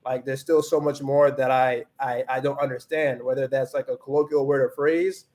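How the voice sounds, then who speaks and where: A man's voice: medium pitch, little pitch movement, moderate pace, a little mellow. A man hosting a casual livestream, chatting loosely with many restarts, switching between English and Spanish as he reads the chat and laughs often. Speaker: livestream host.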